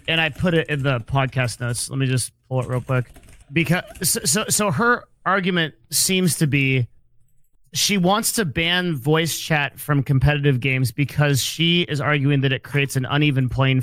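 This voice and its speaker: A man on a podcast explaining a point quickly, interrupting himself as he goes. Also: fairly high pitch, fairly bright tone. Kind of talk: casual chat.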